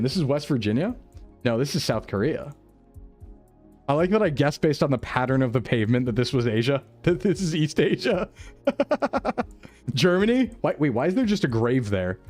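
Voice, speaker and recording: A young man chatting away on a gaming stream, loose and joking, breaking into laughter between guesses. His voice sits in an ordinary middle register. Soft music plays faintly behind him. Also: mid-range voice. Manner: chatty, laughs often, jokes with chat. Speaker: VTuber streamer. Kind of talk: casual livestream chat while playing. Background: faint background music.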